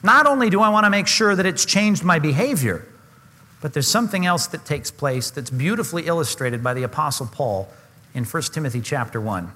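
A man's voice: on the high side, lively intonation, a little fast, pushed and bright, in a large hall. A man preaching a sermon, earnest and emphatic, often asking his listeners questions. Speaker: pastor.

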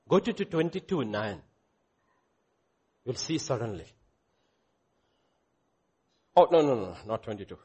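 A man preaching a sermon, animated, swinging between loud exclamations and quiet asides, joking with the congregation. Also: mid-range voice, moderate pace, slightly rough. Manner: jokes with the congregation, calls on children by name. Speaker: pastor.

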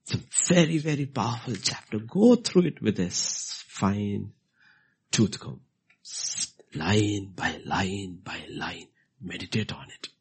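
A middle-aged man preaches a sermon in a lowish, breathy-edged voice, slow yet animated. He repeats key phrases and swings between hushed whispers and loud, emphatic bursts.

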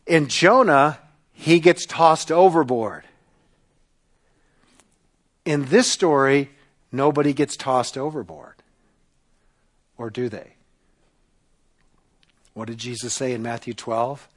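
Husky-voiced male pastor preaching. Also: mid-range voice, takes it slowly, long pauses. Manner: dramatic retelling, dropping to a hush on key lines. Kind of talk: sermon.

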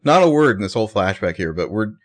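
A man with a lower-pitched voice in casual recap chat, dropping quick, wry asides. The talk is loose and conversational. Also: big pitch swings. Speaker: podcast co-host.

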